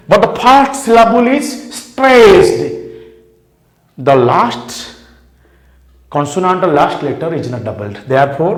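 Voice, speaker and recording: A man with an Indian English accent teaching a grammar lesson, speaking deliberately, repeating words and spelling letters out. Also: high-pitched. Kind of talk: slow classroom grammar lesson. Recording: echoey room.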